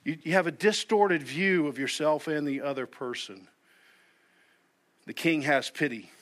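A man's voice: a little high, a little slow, a bit bright. A male pastor preaching a sermon in an earnest way, often repeating words as he starts a sentence. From United States.

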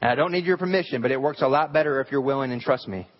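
Delivering a sermon from the church sanctuary, a pastor talks in a rapid-fire, medium-pitched voice, keeping it conversational and asking his congregation rhetorical questions. Hall reverb and dull lo-fi audio mark the recording.

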